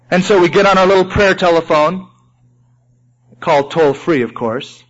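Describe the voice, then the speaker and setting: Male preacher, high voice, animated sermon delivery, acts out prayers; dull lo-fi recording.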